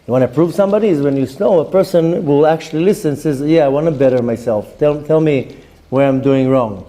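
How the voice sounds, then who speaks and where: A man's voice: medium pitch, warm tone. A middle-aged man giving an informal Torah class, talking conversationally with many fillers and restarts and acting out quoted voices. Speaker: rabbi teaching a Torah class. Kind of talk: informal Torah lecture with personal stories.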